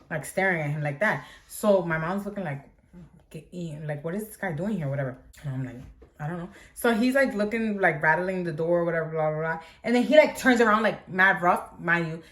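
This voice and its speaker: A young woman vlogger with a medium-pitched, fairly bright voice tells a storytime tale. She's chatty and dramatic, packing her speech with fillers like "like."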